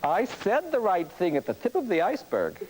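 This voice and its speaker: Animated male priest telling classroom anecdotes. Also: high voice, normal speed, low-quality recording. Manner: animated, acts out the people in his anecdotes. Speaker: priest and speaker on cross-cultural communication. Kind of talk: storytelling lecture.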